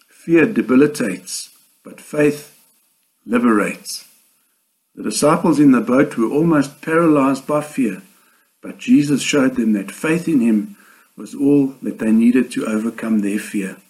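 Man, preacher, sermon, earnest, measured pace, emphatic pauses. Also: mid-range voice, darkish tone, rough recording.

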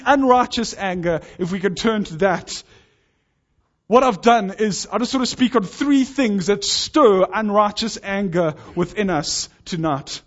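A man preaching a sermon to his congregation, earnest and urging, pressing his points with rising intensity. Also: sits high. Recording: dull lo-fi sound.

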